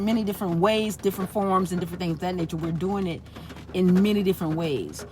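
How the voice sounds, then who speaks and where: A woman's voice: on the low side, fairly bright tone, a little hiss or hum. A woman speaking in a casual, rambling spiritual monologue, repeating herself and tagging her points with "right?". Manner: rambling and repetitive, frequent "right?" tags. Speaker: spiritual channel host.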